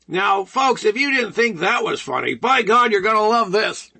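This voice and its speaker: A man's voice: high voice, lively intonation, moderate pace, creaky, pushed and bright, husky. A man hosting a talk radio show, joking and rambling in a sarcastic way.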